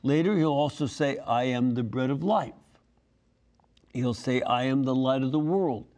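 Male Bible teacher, warm mellow tone, careful explanatory delivery. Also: medium pitch. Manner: deliberate, explanatory, stresses key phrases. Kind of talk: scripture lesson.

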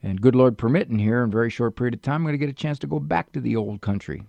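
A man's voice: medium pitch, racing, gravelly, warm tone, no room sound. A man hosting a psychology call-in radio show from a studio, chatting casually with dry humor and personal anecdotes. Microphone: studio mic.

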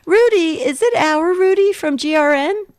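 A bubbly woman co-hosts a call-in radio show, greeting callers and praising their jokes warmly. She laughs easily and gushes over each one. Her voice is close and dry, with no room sound. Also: very high-pitched, normal speed, no room sound.

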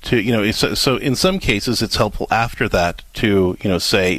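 A man's voice: on the low side, fairly bright tone, dry recording, poor audio. A man hosting a call-in advice show on radio, speaking earnestly and restarting his sentences often. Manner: earnest, halting with many restarts. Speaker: radio host and counselor.

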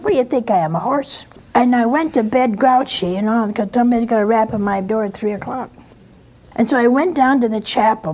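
Older nun with a husky voice, homey talk. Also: female voice, on the high side, a little mellow. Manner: homey, storytelling, blunt asides. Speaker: nun and TV host. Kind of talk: informal spiritual talk.

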